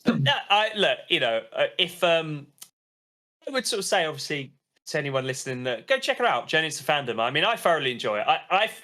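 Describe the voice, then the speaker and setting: A man's voice: fairly high pitch, very animated, a little fast, pushed and bright. A man hosting a podcast over a video call, enthusiastic and rambling, often restarting sentences. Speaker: podcast host.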